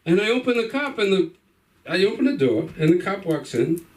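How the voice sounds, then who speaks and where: A man's voice: high voice, brisk, far from the mic, rough recording. A man in his fifties from the Cape Verde Islands telling a rambling stand-up story at an open mic, acting out the voices of the people in it. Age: 50s. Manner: rambling, animated, acts out voices. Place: comedy club stage.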